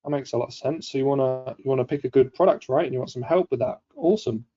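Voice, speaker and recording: A man's voice: medium pitch, fast talker, mellow, slightly rough, dull audio. Upbeat man hosting a live stream. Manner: upbeat, chatty, reads viewer comments aloud. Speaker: webinar host. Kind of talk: live-streamed coaching session.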